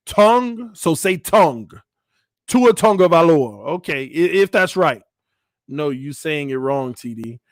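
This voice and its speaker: A man's voice: fairly high pitch, no echo, studio quality. A man hosting a casual live-stream, reading viewer comments aloud, laughing and joking as he stumbles over names. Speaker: channel host.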